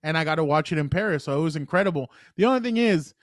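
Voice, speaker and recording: A man co-hosting a casual sports podcast, telling stories in an animated way and laughing easily, recorded on a close podcast mic. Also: on the high side, no room sound. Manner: animated storyteller, quick to laugh. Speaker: podcast co-host.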